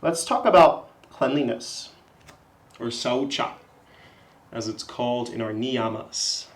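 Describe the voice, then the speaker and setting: A man leading a yoga class, giving calm, encouraging step-by-step cues. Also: medium pitch, takes it slowly, echoey room, a little hiss or hum. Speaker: yoga instructor.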